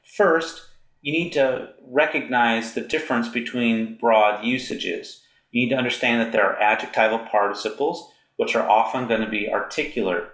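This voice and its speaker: A man teaching Greek grammar in a recorded lecture, slowly reciting word endings one by one. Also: mid-range voice, a bit bright, reverberant. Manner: slow, deliberate recitation of endings.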